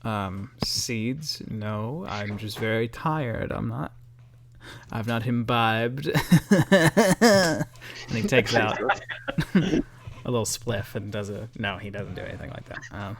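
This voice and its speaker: A man narrating as game master over a call, relaxed and chatty, with fillers and laughs. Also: fairly low pitch, slow pace, long pauses, slight background noise.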